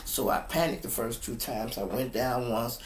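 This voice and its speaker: A man casually telling a story to his listeners, animated and profane, often calling them y'all, speaking at his computer setup. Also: medium pitch, normal speed, a little hiss or hum.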